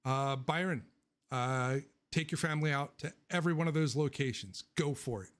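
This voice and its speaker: A man's voice: a little high, moderate pace. Rambling, joking male livestream host. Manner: rambling and joking, laughs often; blunt and opinionated. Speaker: livestream host answering viewer questions. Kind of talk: casual livestream Q&A chat.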